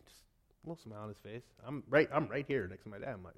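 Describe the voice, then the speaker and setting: A man in his thirties giving a testimony in a sermon, telling a story with animated swings between loud and soft, then reciting a poem. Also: medium pitch, fast. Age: 30s. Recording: long hall reverb.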